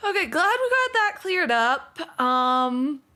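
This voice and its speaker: Young female streamer, bright and fairly high voice, easygoing drawl, giggly, casual live-stream chat. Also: very animated. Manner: fast-talking, giggly, self-conscious about her pronunciation.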